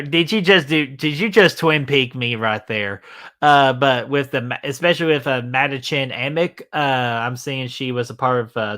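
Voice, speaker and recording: A man with a bright, forceful voice hosts a loose live stream. He jokes, swears freely and fills his talk with "uh" and "let's see here" as he reads comments. His pitch sits in the middle for a man. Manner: loose, joking, swears freely, many fillers. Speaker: livestream host. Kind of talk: casual live-stream chat reading comments.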